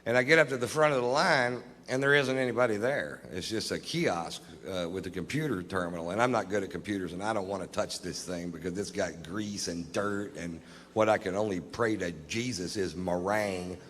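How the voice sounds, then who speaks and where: A middle-aged man telling a stand-up story in a deadpan, drawling, profane way. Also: sits low, fairly quick, a little hiss or hum. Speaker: stand-up comedian. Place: comedy stage before a live audience. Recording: live hall recording with long reverb, faint ambience.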